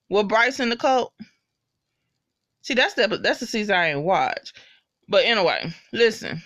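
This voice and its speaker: Animated woman gushing over a TV episode. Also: mid-range voice, moderate pace, pauses often, no echo, lo-fi sound. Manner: loud, slangy, profanity-laced, animated gushing. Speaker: TV episode recapper. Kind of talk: casual spoken recap.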